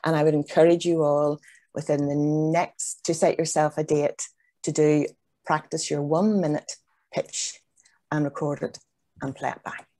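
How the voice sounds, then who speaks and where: A middle-aged woman gives an online presentation as a business coach, heard through a video-call mic. Her voice sits fairly low and sounds warm and mellow. She speaks earnestly and encouragingly, repeating her key points for emphasis. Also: flat delivery, a little slow.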